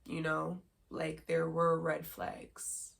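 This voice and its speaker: A woman podcast host speaking candidly in a lowish voice with a gravelly edge. She rambles, leans on filler words and breaks into nervous laughs. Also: completely flat delivery, slow pace. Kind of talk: candid personal storytelling.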